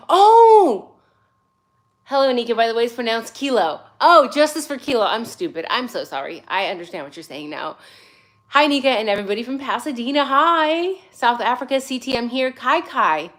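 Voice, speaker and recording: A woman's voice: a little high, a bit bright. A woman in her forties whose first language is not English, hosting a casual livestream from her phone, chatty and sassy, tired but caffeinated. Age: 40s. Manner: chatty, sassy, greets viewers by name. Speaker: livestream host.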